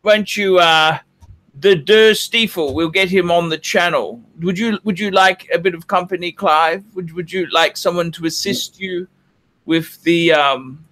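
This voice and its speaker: A man voicing a pompous upper-class English gentleman with haughty, drawn-out exclamations in a put-on posh English accent. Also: high voice.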